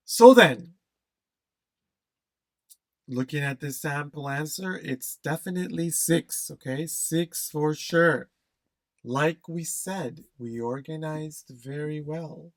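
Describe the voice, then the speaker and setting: In a dry recording, a man with a fairly high voice takes his time through an exam-prep lesson as an English test instructor. He leans on key phrases, says them again, and keeps asking "okay?".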